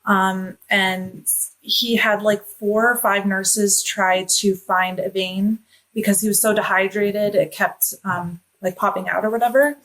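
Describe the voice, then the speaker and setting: A woman's voice: mid-range voice, steady tone, unhurried, fairly bright tone, low-quality recording. A woman on a podcast casually telling a family story, chuckling along. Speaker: guest.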